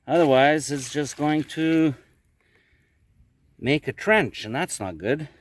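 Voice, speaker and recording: Slow and a little high, a Canadian-accented man's voice rambles through a casual vlog about his day. He's outdoors at his garden plot, chatting and explaining things at length.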